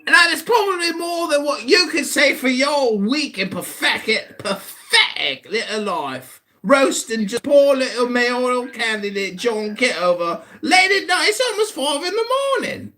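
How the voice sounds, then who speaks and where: A man in his forties with an American accent, hosting a livestream and hurling mocking insults. His voice is bright and cutting, and it swings widely in pitch as he shouts and taunts. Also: big pitch swings, unhurried, hardly any pauses. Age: 40s. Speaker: livestream host. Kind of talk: heated livestream argument.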